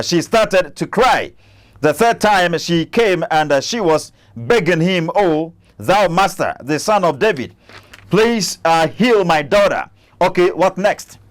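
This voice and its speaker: A man hosting a commentary channel, arguing against a clip he plays, stammering and repeating himself. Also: on the high side. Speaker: Christian apologist channel host.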